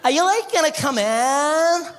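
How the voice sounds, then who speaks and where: A man's voice: extremely high pitch, lively intonation, unhurried, a bit bright, a little hiss or hum, voice pushed up, exaggerated voice. A man putting on a ditzy Californian surfer girl. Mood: bubbly, clueless. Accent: Californian valley-girl put on. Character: ditzy young American surfer woman, bubbly.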